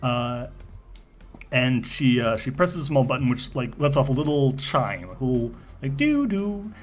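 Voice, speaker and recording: A male game master narrates a tabletop role-playing session at a middling pitch, stumbling through fillers and restarts as he builds the scene. Faint music plays in the background. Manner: halting, full of fillers and restarts.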